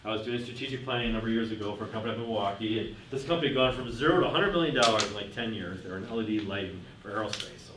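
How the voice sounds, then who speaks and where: Here a business speaker with a fairly low voice talks very quickly, barely pausing, as he shares anecdotes and quizzes his workshop audience. The sound is distant and roomy with faint noise.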